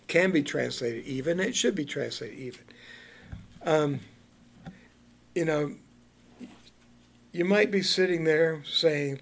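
A man leads an informal Bible study at an easy, slow pace. His voice sits a little high for a man. He moves between relaxed chat, questions to the group and King James verses read aloud. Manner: conversational, asks the group questions and laughs often; reads scripture aloud in King James wording. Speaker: Bible teacher.

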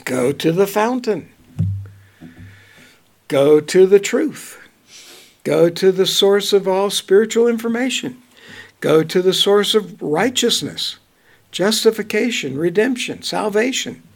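A man preaching a Bible study, reading verses slowly and then commenting in a relaxed, conversational way. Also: high voice, gravelly. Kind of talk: bible teaching.

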